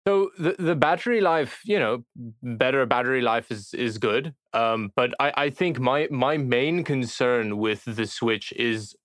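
A man with an average-pitched voice chats about tech in a hesitant way. He often stumbles and repeats his words before getting the thought out. The recording is dry and close. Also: unhurried, fairly bright tone, dry recording. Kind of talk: casual tech chat.

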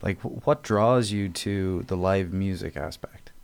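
A man with a lowish voice co-hosts a podcast. He chats casually and asks curious follow-up questions. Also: measured pace, vocal fry, darkish tone, clean tone. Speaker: podcast co-host. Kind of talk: casual chat.

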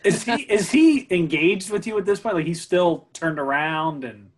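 Husky man with lively interjections. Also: sits high, normal speed. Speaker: panelist. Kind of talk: casual chat.

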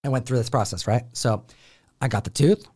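A man's voice: mid-range voice, a little fast, husky. A man from Buffalo, New York, hosting a comic book show and telling a family story in casual chat, acting out the voices of his relatives. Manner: animated, acts out family voices.

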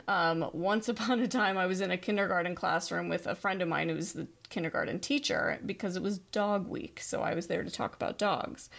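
A woman's voice: lowish voice, gravelly. A woman hosting a podcast solo, earnestly explaining dog training ideas and telling stories. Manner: earnest, storytelling, reads listener questions aloud.

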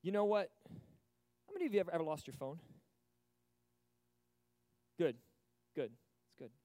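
A young man with a high voice preaches an energetic sermon to young people. He swings between loud, fired-up bursts and quiet, hushed passages. The sound is close and dry, with little room echo. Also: unhurried. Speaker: youth pastor. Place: church service stage.

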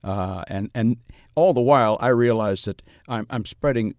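A man playing an earnest, deadpan Cold War reenactor who talks haltingly with many pauses in a mock interview. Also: lowish voice, no room sound, studio quality, close to an everyday voice. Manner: halting, full of uhs, deadpan. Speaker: interview guest.

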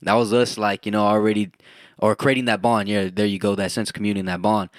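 Low-voiced young man, loose rambling chat. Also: flat delivery, fast talker, no echo, clean studio sound. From United States. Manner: loose and rambling, full of fillers and casual swearing. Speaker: podcast co-host. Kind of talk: casual chat.

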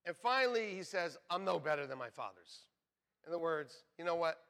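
A male pastor with a high, bright voice delivers a sermon over a church microphone. He talks like he is chatting with the congregation and slips in jokes and asides. His level swings from near whispers up to shouts. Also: fairly quick. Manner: conversational, joking asides, drops to near whispers then builds to shouts.

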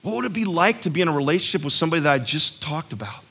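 A man's voice: fairly high pitch, lively intonation, very fast, gravelly, pushed and bright, breathy edge. A man preaching a sermon as a pastor, conversational and earnest, telling stories and acting out quotes with emphasis. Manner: conversational, storytelling with acted-out quotes.

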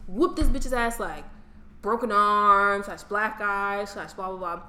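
Animated, profane woman in an echoey room. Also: mid-range voice, measured pace, slight background noise. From New York. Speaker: podcast co-host. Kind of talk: casual chat.

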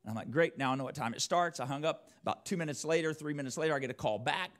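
A preacher telling a personal story in a church sermon, acting out both sides of the conversations. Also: male voice, on the high side, rapid-fire. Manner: animated, acts out both sides of dialogue. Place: church sanctuary.

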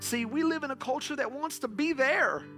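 A male pastor preaches with a very high, bright, ringing voice, urging the congregation along again and again with call-and-response prompts. A soft guitar plays underneath his sermon. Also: normal speed. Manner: urgent call-and-response preaching, repeated "come on".

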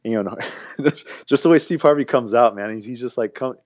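A man co-hosting a podcast, rambling and animated in casual banter, full of restarts. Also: medium pitch, a little fast, no room sound, dull audio. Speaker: podcast co-host.

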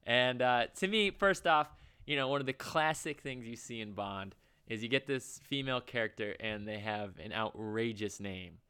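A man's voice: medium pitch, animated, moderate pace, sharp tone, smooth. A man co-hosting a casual podcast, chatty and rambling with frequent laughs. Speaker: podcast co-host. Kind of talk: casual chat.

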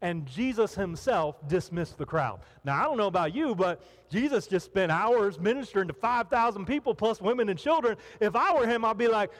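A man's voice: sits high, expressive, normal speed, few pauses. A man preaching a sermon to a congregation in a hall, talking animatedly and acting out the voices of people in the story. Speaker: pastor. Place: hall with an audience.

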